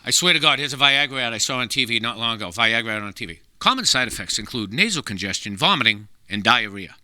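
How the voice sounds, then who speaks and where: A man performing a stand-up comedy set as guest comedian, gruff and wisecracking, slipping into voices. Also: mid-range voice, lively intonation, fast, sharp tone, no echo. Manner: gruff, wisecracking storyteller who slips into voices. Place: small live venue.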